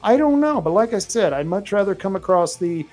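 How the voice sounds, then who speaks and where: A man's voice: high-pitched, big pitch swings, fairly quick, a little mellow, faint music behind. Rambling country-accented male host. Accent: American, rural. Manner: rambling, many fillers and restarts. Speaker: podcast host. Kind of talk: casual monologue to listeners.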